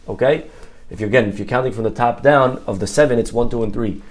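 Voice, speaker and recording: Rabbi preaching, chatty storyteller, middle voice, asks the crowd stuff. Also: male voice, medium pitch, fast. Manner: storytelling, conversational with asides and audience questions. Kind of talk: sermon.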